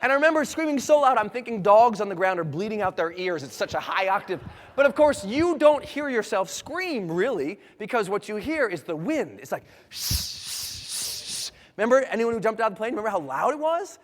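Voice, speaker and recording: A man giving an animated storytelling talk to an audience on a stage, full of sound effects and shouted moments. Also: high-pitched, quick pace, in a large hall. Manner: theatrical, shouts and sound effects, laughs while telling. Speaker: motivational speaker.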